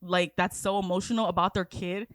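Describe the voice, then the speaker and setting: A woman in her twenties co-hosting a casual podcast, expressive and laughing through tears, swearing now and then. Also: on the low side, brisk, dry recording, clean studio sound. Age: 20s. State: teary. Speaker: podcast co-host. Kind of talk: casual chat.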